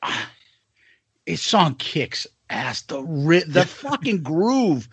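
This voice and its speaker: A man's voice: a little high, very animated, slow pace, breathy edge, no room sound. A man in his forties co-hosting a podcast, chatting crudely and swearing a lot, acting out lines in silly voices. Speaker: podcast co-host. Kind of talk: casual chat, crude and animated.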